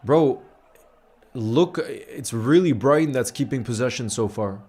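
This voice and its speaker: A man's voice: mid-range voice, lively intonation, unhurried, husky. Laid-back man hosting a match stream. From grew up largely in New York. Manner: laid-back and chummy, calling viewers "bro" and giving shout-outs. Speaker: livestream host of a match watch-along. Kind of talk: casual live watch-along chat, reading out viewer messages.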